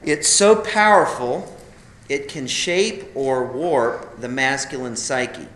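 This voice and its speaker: A man's voice: medium pitch, slow, a bit bright, roomy sound, slight background noise. A man teaching a live class of men conversationally, emphatic, calling them "guys" and asking rhetorical questions. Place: classroom or meeting room.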